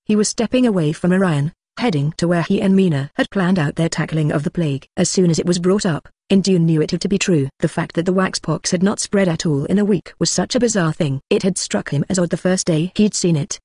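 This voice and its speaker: A synthetic-sounding audiobook narrator reading a fantasy novel in an even, steady way. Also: mid-range voice, fairly quick, few pauses, husky, no echo, studio quality. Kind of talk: scripted narration.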